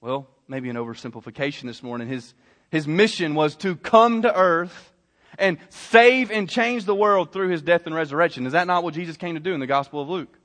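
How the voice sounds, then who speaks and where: A male pastor, preaching a sermon and telling stories, swelling loud and then dropping soft. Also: a little high, fairly quick. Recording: reverberant hall.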